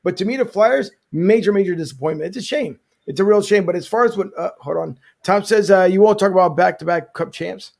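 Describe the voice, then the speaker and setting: A man's voice: high-pitched, a little fast, vocal fry, few pauses, darkish tone. A man hosting a casual sports talk show, teasing his guests and joking about rival teams. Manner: jokey, teasing, talks over others. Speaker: host.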